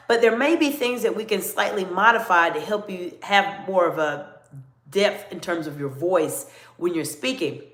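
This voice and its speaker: A middle-aged woman coaching viewers in a live-stream Q&A, answering them by name and lowering her voice to demonstrate. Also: a bit bright. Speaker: communication coach. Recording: roomy echo.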